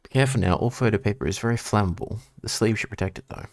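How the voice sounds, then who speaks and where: A shy male creature who hides from the light and flirts clumsily, as a man puts on his voice for a game. He speaks low and soft with a gravelly edge. The sound is dry and close. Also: racing, no room sound, lightly acted. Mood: fussy. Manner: soft-spoken and bashful.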